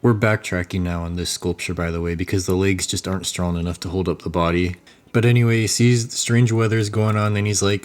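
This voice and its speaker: A young man with a somewhat low voice talks through a movie review in a loose, rambling way. He chuckles often and mocks what he describes in a sarcastic, casual tone. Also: brisk. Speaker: YouTuber reviewing a movie while sculpting.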